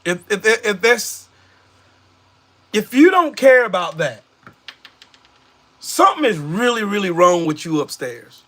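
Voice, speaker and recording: A man's voice: high voice, sing-song, measured pace, pauses often, fairly bright tone. A man angrily ranting on a live political stream. He talks profanely and mockingly, and often repeats himself and restarts his sentences.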